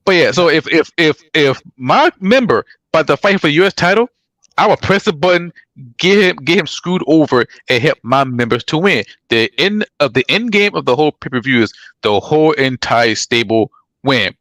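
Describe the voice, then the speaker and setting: A man co-hosting a podcast, talking in a rambling, profane, animated way with many restarts. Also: on the high side, normal speed, dry recording. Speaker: podcast co-host. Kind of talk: casual chat about pro wrestling.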